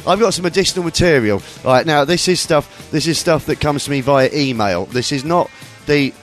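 A man's voice: fairly high pitch, expressive, brisk, soft background music. Jokey man reading emails. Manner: jokey, reads emails aloud with laughs. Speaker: podcast host. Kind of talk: casual chat, reading listener emails.

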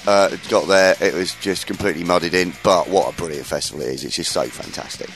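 A man with a slightly low voice hosts a loose radio chat, full of enthusiasm and rambling restarts. Faint music plays underneath the talk. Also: fairly quick, a bit bright. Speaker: radio show host.

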